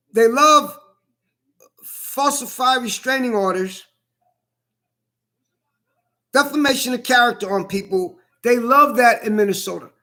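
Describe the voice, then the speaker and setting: Very high, bright-voiced ranting man. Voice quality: blunt and profane, repeats his points. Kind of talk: ranting monologue.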